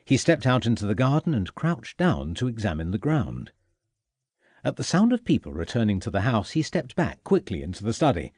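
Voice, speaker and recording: Male narrator for period audiobook, animated pitch, dry close sound. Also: moderate pace, husky, dry recording.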